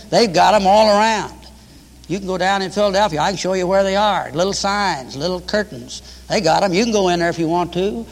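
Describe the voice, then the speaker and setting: A man preaches with fiery, emphatic conviction, repeating his points and swinging between ringing shouts and low, quiet lines. His voice sits very high. A long reverb trails behind him, as in a large hall. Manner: preaching with sweeping rises to shouts and drops to low tones; repetitive, emphatic. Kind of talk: fiery radio sermon.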